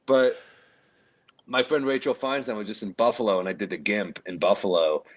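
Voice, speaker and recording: Storytelling man, low voice, podcast chat. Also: normal speed, highs cut off. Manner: storytelling, animated quoting. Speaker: comedian guest.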